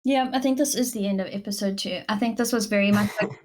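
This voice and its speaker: A young South African woman co-hosting a podcast, talking in a chatty, gushing way with plenty of "like" fillers. Her voice sits at an ordinary middle pitch. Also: quick pace, a little mellow. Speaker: podcast co-host. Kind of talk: casual chat.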